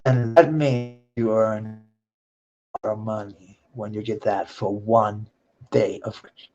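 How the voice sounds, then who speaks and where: Swearing freely and laughing between thoughts, a vlogger delivers a rambling, profane monologue about himself. He speaks slowly in a low-ish, steady, darkish voice, and the lo-fi recording sounds dull.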